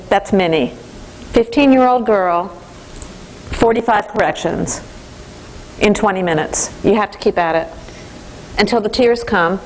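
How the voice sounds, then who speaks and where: A woman giving a parenting training lecture in an animated way, acting out the voices of teens and parents. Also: mid-range voice, a little hiss or hum.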